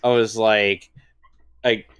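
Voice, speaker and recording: A man's voice: on the low side, flat delivery, takes it slowly, fairly bright tone, smooth. A man co-hosting a casual watch-along chat, giving long-winded, opinionated breakdowns. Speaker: co-host.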